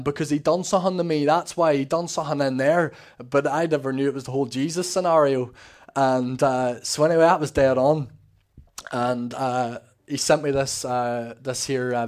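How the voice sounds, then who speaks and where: A man tells his own story in a loose, conversational way, acting out the lines of the people in it. His voice sits at an ordinary middle pitch, and his intonation stays fairly level even when he is excited. He sounds earnest and unpolished as he wanders through the story. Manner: rambling and earnest, acting out remembered dialogue. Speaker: speaker giving a personal testimony.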